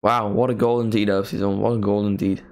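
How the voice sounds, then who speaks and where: A man hosting a live match watchalong, giving casual play-by-play commentary with jokey asides and excited calls. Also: lowish voice, fast talker.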